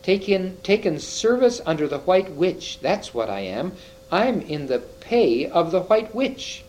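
A man's voice: high-pitched, big pitch swings, unhurried, darkish tone, slight background noise, pitched above the performer's own voice, poor audio. A man doing Mister Tumnus, a sobbing faun. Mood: sorrowful. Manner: sobbing, groaning pleas. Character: gentle sorrowful male faun, tearful and guilt-ridden.

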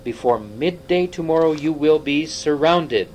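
A man reading an audiobook, voicing an excitable old half-dwarf scholar who lectures briskly. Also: a little high, slight background noise, pitched above the performer's own voice, low-quality recording. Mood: urgent.

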